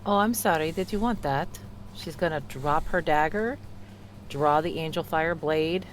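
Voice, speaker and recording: A man with a fairly high voice speaks a little slowly over a slight hiss or hum, clearing his throat and choking on mucus. He's a chatty, apologetic player in a casual tabletop game, double-checking the rules as he rolls.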